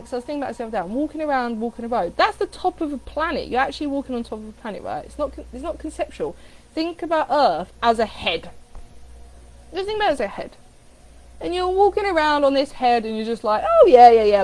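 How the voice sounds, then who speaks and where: Animated woman coaching. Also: on the high side, poor audio. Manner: animated, repeats phrases with varied inflection. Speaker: spiritual coach. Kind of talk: casual coaching talk on affirmations.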